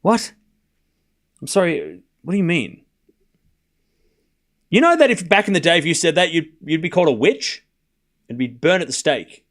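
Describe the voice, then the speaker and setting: Man, livestream tennis commentator, casual play-by-play, slightly high voice, very animated pitch. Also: normal speed, long pauses. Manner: animated, bantering with chat.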